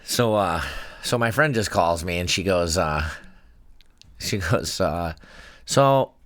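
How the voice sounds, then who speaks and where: A man's voice: low voice, takes it slowly, fairly bright tone, no room sound, studio quality. A man hosting a podcast, telling stories in casual chat and laughing often. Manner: storytelling with lots of laughter. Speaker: podcast host.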